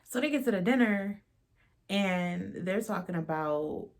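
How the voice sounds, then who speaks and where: A woman's voice: medium pitch, expressive, a little slow. A young woman hosting a casual reality TV recap, blunt and slangy, swearing freely and mimicking the cast.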